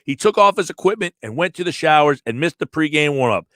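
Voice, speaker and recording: A man hosting sports talk radio, breaking down a news article with animated delivery and acted-out quotes. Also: on the high side, fast, no echo, studio quality. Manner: animated, reads article quotes aloud and acts out tones.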